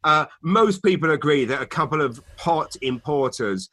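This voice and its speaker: Man, podcast co-host, animated rambling storyteller, bright tone. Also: on the high side, moderate pace, dry recording. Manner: animated storytelling, lots of fillers and restarts. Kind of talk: casual chat. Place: home in Canada.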